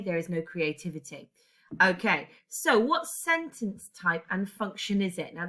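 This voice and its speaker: A woman's voice: lowish voice, sharp tone. A woman English teacher talks through a grammar lesson step by step, with fillers and self-corrections along the way. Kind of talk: recorded classroom lesson explaining grammar.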